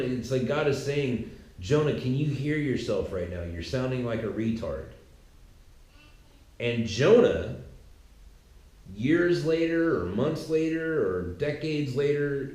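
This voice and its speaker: A man casually retelling a Bible story in a slangy, animated, conversational way. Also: medium pitch. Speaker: podcaster. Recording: echoey room.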